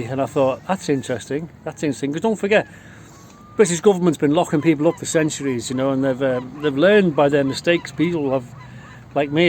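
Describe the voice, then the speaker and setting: A man's voice: a little high, darkish tone, slight background noise. A middle-aged man with a Liverpool accent telling rowdy, boastful stories in casual talk, swearing constantly. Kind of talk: casual storytelling.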